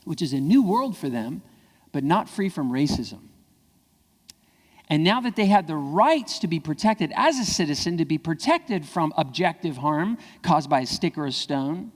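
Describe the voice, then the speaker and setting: A man giving a keynote speech to parents and teachers. He talks emphatically and acts out bits of dialogue. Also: on the high side. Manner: animated, emphatic, acting out dialogue. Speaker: keynote speaker. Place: large event hall. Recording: long hall reverb.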